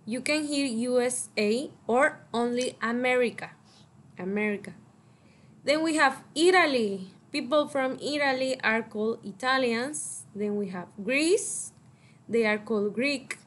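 A woman with a Mexican Spanish accent teaching English vocabulary to children, slowly saying each word for pupils to repeat. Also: a little high, fairly bright tone. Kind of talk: online vocabulary lesson for children.

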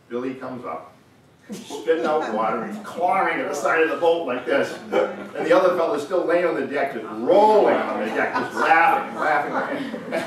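An older man giving a storytelling talk as a guest speaker at a museum, a folksy teller who laughs at his own stories. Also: a little high. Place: museum lecture room. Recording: very echoey room, distant mic, faint noise.

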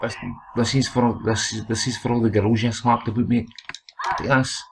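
A man's voice: medium pitch, little pitch movement, moderate pace. A young Scottish man giving rowdy, sweary commentary while he plays a boxing game. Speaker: gaming channel host. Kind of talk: let's play commentary. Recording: loud game and clicking noise behind.

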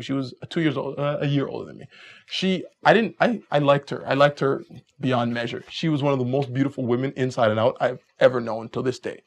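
A dating coach with a fairly high, fry-tinged voice gives casual dating advice. He's an animated storyteller, telling stories and acting out both sides of conversations.

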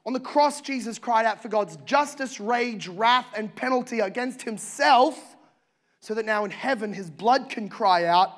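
A man preaching a sermon as pastor, impassioned, swinging from hushed to loud. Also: very high-pitched, measured pace.

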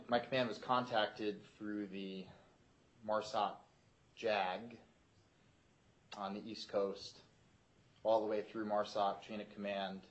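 A man in a recorded testimony interview, answering in measured, clipped replies and addressing the questioner as sir. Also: on the low side, dull audio. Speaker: Marine interviewee.

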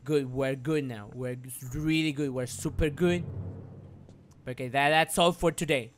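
A man's voice: medium pitch, steady tone, unhurried, slight background noise. A man streaming live gameplay, frustrated, swearing and repeating himself as he talks through the game.

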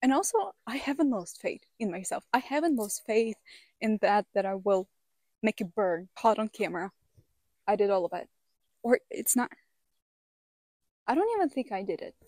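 A woman's voice: mid-range voice, lively intonation, normal speed, pauses often, a little mellow, no echo. A young woman who is not a native English speaker, chatting casually to camera outdoors by a campfire, often exclaiming and repeating words. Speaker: vlogger. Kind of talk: casual vlog talk to camera.

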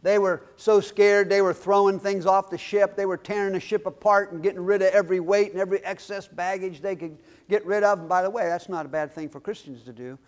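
A man with a high voice preaching from a church pulpit. He drives his points home emphatically and keeps tossing questions out to the congregation as he preaches. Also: steady tone, fairly quick, hardly any pauses. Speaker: pastor. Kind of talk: sermon.

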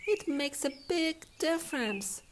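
A woman's voice: sits high, animated, takes it slowly, slight background noise, voice pushed up. A woman reading aloud, voicing a young schoolgirl in a raised, childlike, earnest voice. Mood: upset. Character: young schoolgirl, teased and tearful, then brave.

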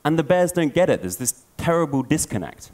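A man giving a storytelling conference talk, an animated storyteller. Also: fairly high pitch, fairly quick. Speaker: conference speaker.

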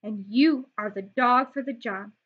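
A woman voicing the smallest chihuahua, a laid-back male dude, in a storybook, talking in a low, easy drawl. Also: a little slow, slightly rough, dull audio.

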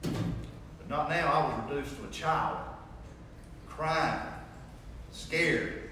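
A man giving a sermon testimony, telling his story in an animated way and acting out the dialogue. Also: fairly high pitch, extremely slow, slight background noise. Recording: echoey hall, mic far off.

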